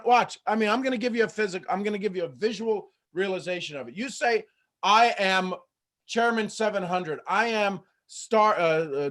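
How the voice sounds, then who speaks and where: A man hosting a live coaching call, talking in an animated way and acting out the voices in people's heads. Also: high-pitched. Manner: animated, acts out inner voices. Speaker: host and motivational coach.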